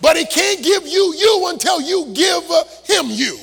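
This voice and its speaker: A middle-aged male pastor preaching a sermon with an impassioned, shouting, half-sung cadence. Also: very high-pitched, lively intonation, measured pace, creaky. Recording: long hall reverb, faint music.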